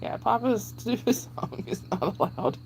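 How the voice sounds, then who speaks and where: A woman's voice: on the high side, animated, a little slow, darkish tone, slight background noise. Chatty woman thanking viewers. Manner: chatty, laughs often, thanks viewers by name. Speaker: live-stream host. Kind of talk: casual chat reading viewer comments.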